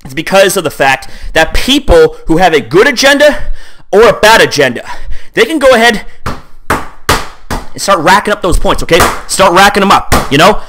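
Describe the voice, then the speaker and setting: A young man with a high, lively voice, ranting to camera, heated and profane. His tone is bright and tense, and he swings between drawn-out shouts and muttered asides. He is sweaty, just back from the gym. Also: slight background noise. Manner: heated, profane, repeats "here's the thing". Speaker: YouTuber. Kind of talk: angry rant to camera.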